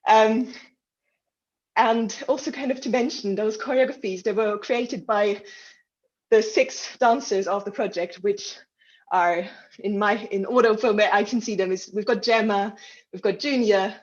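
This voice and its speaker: A woman's voice: medium pitch, a little slow, dull audio. A woman leading an online dance class over a video call, counting and cueing moves in an encouraging way, a little out of breath. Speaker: dance instructor.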